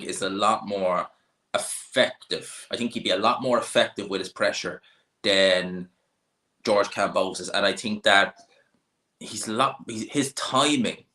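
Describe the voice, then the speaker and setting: A young Irish boxing host with a fairly low, sharp voice chats live with viewers, offering opinions casually and filling pauses as he thinks aloud. The room is roomy and echoey.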